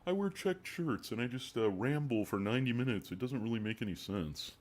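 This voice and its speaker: A man's voice: mid-range voice, expressive, fairly quick, darkish tone, pitched above the performer's own voice, natural voice. A man putting on a mocking voice of a dopey stock market bear.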